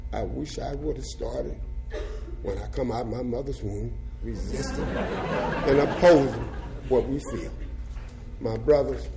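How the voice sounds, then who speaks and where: An older man giving an impassioned rally speech in colloquial, folksy phrasing, moving between shouted slogans and quiet reflection. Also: medium pitch, a little hiss or hum, poor audio. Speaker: activist speaker.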